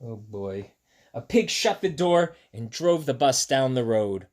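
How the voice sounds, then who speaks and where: Male storyteller reading a picture book aloud to children, lively swoops in pitch, playful asides. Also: unhurried. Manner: playful, animated asides to young listeners.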